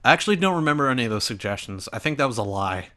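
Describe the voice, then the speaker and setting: A man's voice: medium pitch, sing-song, very fast, bright, forceful tone. A young man hosting a gaming channel, giving rambling, self-mocking commentary over an old video of himself.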